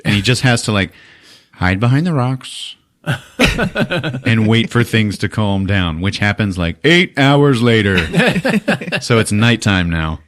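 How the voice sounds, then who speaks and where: A man hosting a podcast, retelling a movie in profane, animated casual chat. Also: on the low side, unhurried. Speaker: podcast host.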